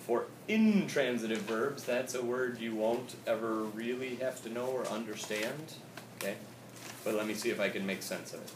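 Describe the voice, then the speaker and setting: A man teaches a grammar class in a loose, chatty way, switching languages and asking "okay?" after nearly every point. He sounds set back from the mic in an echoey classroom. A steady hiss of noise runs under his voice. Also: medium pitch, moderate pace, recorded from a distance. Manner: casual, repeats "okay?" often, switches between English and Spanish. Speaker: Spanish teacher. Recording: echoey room recorded from afar, with noise.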